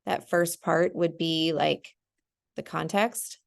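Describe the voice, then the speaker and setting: Young woman teacher, chatty screen-share walkthrough, low and gravelly. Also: takes it slowly. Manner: chatty, full of ums and "right?". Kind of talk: casual screen-share lesson.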